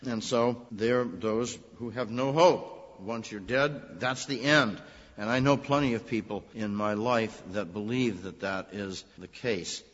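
A man, a minister, preaching a sermon in a conversational storytelling way, rising to emphatic high points. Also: unhurried. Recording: long reverb, dull lo-fi sound.

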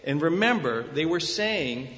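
A man delivering a sermon with emphatic, swelling stresses on scripture passages. His fairly high voice rings through a long hall reverb in a church sanctuary, and the recording sounds dull and slightly muffled. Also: expressive, unhurried, a bit bright. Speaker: preacher. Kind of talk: expository sermon.

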